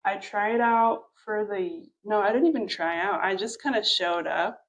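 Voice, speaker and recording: A woman's voice: mid-range voice, moderate pace, poor audio. A woman telling a story in a casual chat, rambling with lots of fillers and laughter. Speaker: podcast co-host.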